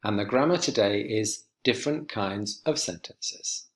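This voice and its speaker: A man teaching an English grammar lesson to students, clear and emphatic as he speaks to them directly. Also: lowish voice, a little slow.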